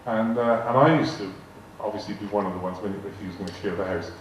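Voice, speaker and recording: A man's voice: on the low side, fairly even intonation, fast talker. Older man telling stories in echoey hall. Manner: rambling, repeats words, acts out quoted dialogue. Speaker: guest speaker telling anecdotes. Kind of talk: storytelling to a live audience. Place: large arts hall. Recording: echoey hall, distant mic, faint noise. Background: audience laughter.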